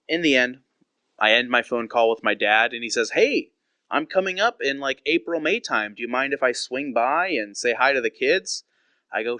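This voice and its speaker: Pastor guy in his 30s telling personal stories, candid, mid pitch, dry close sound. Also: a bit bright, no room sound. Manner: candid storytelling, acting out quoted dialogue. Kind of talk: conversational preaching.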